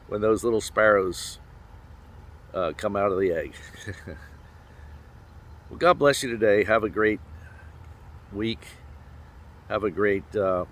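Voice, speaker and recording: A man with a fairly low voice gives a gentle, folksy devotional talk outdoors, with pauses and easy chuckles. It was recorded on a handheld phone, with faint traffic noise behind him. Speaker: devotional host. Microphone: handheld phone camera.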